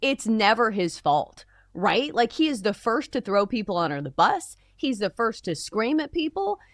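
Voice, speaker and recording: A woman co-host speaks bluntly and with opinion, her voice rising and falling in a lively way. The recording is dry and close. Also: a little high, moderate pace, dry recording. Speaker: sports show co-host. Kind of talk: casual sports chat.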